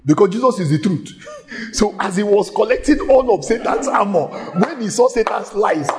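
A man preaching a sermon in a church, emphatic and shouting at times, repeating phrases rhythmically and laughing between lines. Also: sits high, animated, moderate pace. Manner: shouting, emphatic, with sudden exclamations.

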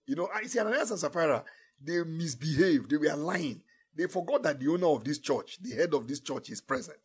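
A man preaching a sermon, emphatic, dropping to low murmurs and rising to raised declarations, stretching key phrases slowly. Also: animated, slightly rough.

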